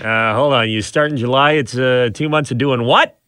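A man's voice: mid-range voice, normal speed, bright, forceful tone, dry recording. A man co-hosting a morning radio show, chatty and jokey, laughing often, on a studio microphone. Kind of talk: casual morning radio banter.

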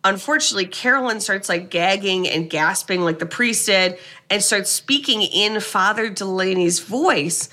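Woman podcast host, bright voice, sarcastic animated movie recap, swears a bit. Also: medium pitch, moderate pace, few pauses. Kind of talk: casual movie recap chat.

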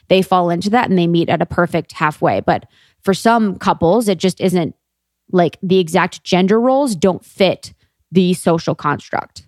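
Chatty woman with a lowish voice. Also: a little mellow, dry recording, clean studio sound. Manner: chatty, fillers of "like" and "you know". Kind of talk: casual chat.

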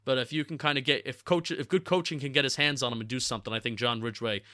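Bright, dry-voiced man with a Jersey accent. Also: medium pitch, fairly even intonation, quick pace, dry recording. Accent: New Jersey. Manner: chatty, restarts words, laughs at own slips. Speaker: co-host of a football draft podcast. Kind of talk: casual sports analysis chat.

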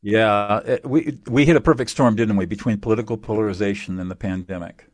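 Male mediator guest, lowish voice, emphatic teacher-like explainer, close dry mic. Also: brisk, no echo. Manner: emphatic, explanatory, repeats key phrases. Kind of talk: interview answers.

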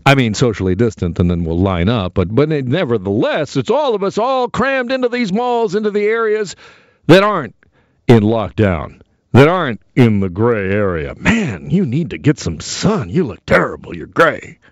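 A middle-aged radio host delivers a joking, theatrical monologue. His pitch swings widely from low to high. The sound is dry and slightly dull, with no room around it. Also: moderate pace, dry recording. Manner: animated, jokey, theatrical. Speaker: radio talk show host.

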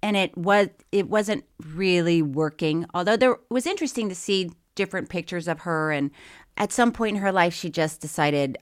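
A middle-aged woman co-hosting a podcast in casual chat, playful and quick to laugh. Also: on the low side, no echo, studio quality. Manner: playful, laughs often, sings snatches of songs. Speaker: podcast co-host.

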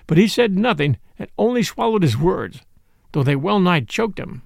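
A man narrating an old-fashioned tale in an expressive storybook style. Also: a little high, normal speed, vocal fry, no echo, clean studio sound.

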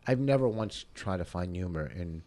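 A middle-aged stand-up comic with a deep, mellow voice speaks at a normal speed and with animation. He rambles and swears through casual podcast banter, gruff in manner.

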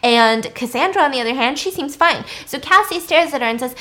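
A young woman casually retelling a film plot in a chatty, animated way, swearing freely. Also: high voice, a little fast, hardly any pauses. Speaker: storyteller.

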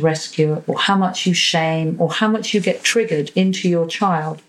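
A woman therapist talking as a podcast guest, animated, acting out little voices in her examples. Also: fairly low pitch, rough recording. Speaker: psychosexual and relationship therapist, guest. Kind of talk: conversational podcast interview.

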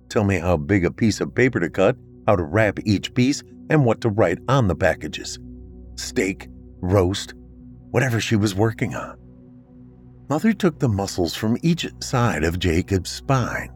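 A man narrating a scripted horror story in a measured, grave delivery. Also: on the low side. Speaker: podcast narrator.

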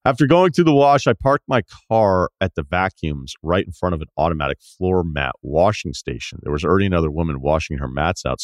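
A man's voice: sits low, dry recording, studio quality. A man hosting a podcast, reading a listener email aloud and adding wry, conversational asides. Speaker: podcast host.

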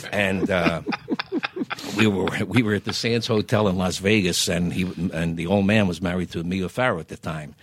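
An older man, a singer guest telling lively anecdotes in casual chat, stammering on restarts and acting out other people's lines. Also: low voice, dry recording. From Philadelphia. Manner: animated anecdotes, acts out quoted voices, stammers restarts.

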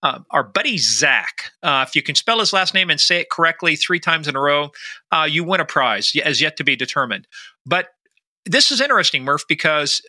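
High, bright-voiced man joking as host. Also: sing-song, fairly quick, no room sound. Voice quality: wisecracking, loose delivery. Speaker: podcast co-host. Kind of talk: joking podcast banter.

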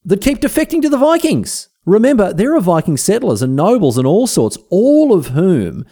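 Aussie guy yarning about history, slangy and chatty, warm mellow voice. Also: high-pitched, moderate pace. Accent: Australian. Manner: chatty, slangy, animated storytelling. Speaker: history podcast host. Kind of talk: casual history narration.

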